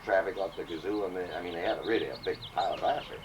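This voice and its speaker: Low-voiced man telling profane stories. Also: very fast. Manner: profane, animated anecdotes with acted quotes. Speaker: former police dispatcher telling stories. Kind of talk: casual storytelling among old friends. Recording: distant mic, noisy home recording.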